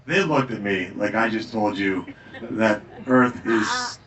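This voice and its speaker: A man giving a campaign stump speech in a tavern, telling anecdotes in an emphatic, energetic way. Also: fairly low pitch, slow, far from the mic, a crowd in the background, low-quality recording. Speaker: political candidate. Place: tavern, indoors.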